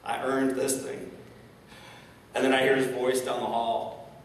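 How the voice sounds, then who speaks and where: A motivational speaker delivers an inspirational keynote in a large event hall, telling a personal story and speaking straight to the crowd. His mid-range voice keeps a level tone and a measured pace. The distant mic picks up hall echo and a little hiss or hum.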